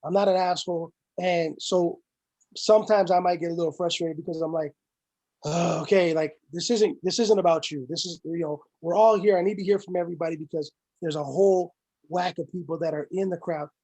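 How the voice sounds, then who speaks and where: A man's voice: high voice, fairly even intonation, a little fast, a little mellow. A man in casual chat, telling stories animatedly, acting out quotes and swearing freely. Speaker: podcast guest, room moderator.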